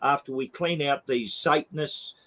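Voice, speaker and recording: A man's voice: medium pitch, normal speed, pushed and bright. An older man with an Australian accent, talking as a blunt, emphatic interview guest who swears freely. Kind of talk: heated interview talk.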